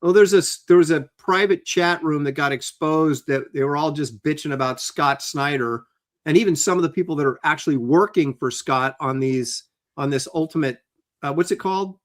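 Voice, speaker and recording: A man chatting casually on a livestream about the comics business. His voice sits a little high, and he hesitates often, searching for words. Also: normal speed. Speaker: comic book artist.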